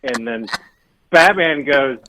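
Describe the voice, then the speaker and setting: A man calling in to a live show, recapping in a deadpan, halting way with many fillers. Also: mid-range voice, crowd noise, low-quality recording. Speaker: caller. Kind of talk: casual call-in recap.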